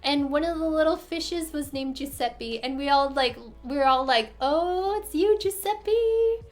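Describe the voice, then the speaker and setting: High-voiced chatty American woman streamer. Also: steady tone, moderate pace, faint music behind. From United States. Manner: chatty, giggly, answers viewer questions. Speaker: livestream host answering chat. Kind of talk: casual live-stream chat. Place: apartment in Korea.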